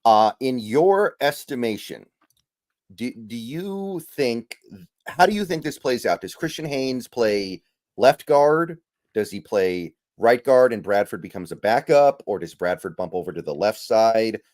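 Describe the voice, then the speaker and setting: A man's voice: medium pitch, lively intonation, unhurried, a little mellow, no room sound, studio quality. A man hosting a casual podcast, easygoing and thinking aloud with trailing fillers as he runs through picks. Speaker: podcast host.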